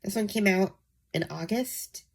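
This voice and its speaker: A woman hosting her book channel, sick and nasal, talking softly to save her voice, with frequent ums. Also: medium pitch, unhurried, vocal fry. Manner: soft-spoken, saving her voice, many ums. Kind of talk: casual book vlog.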